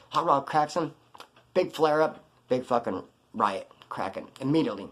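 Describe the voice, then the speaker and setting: A man's voice: mid-range voice, fairly quick, a bit bright. A man casually telling a prison story in blunt, profane street slang.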